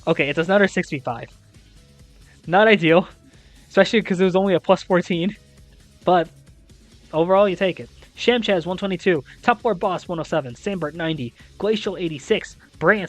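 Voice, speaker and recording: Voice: medium pitch, brisk, faint music behind. A young adult host recapping a college esports league, reading scores and ranting with exasperated disbelief and casual swearing.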